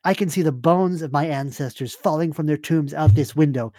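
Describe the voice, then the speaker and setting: A man's voice: fairly high pitch, brisk, dark tone, dry recording, studio quality, close to an everyday voice. A man voicing a stern, grieving woman who leads a temple, speaking formally and with command. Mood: grave.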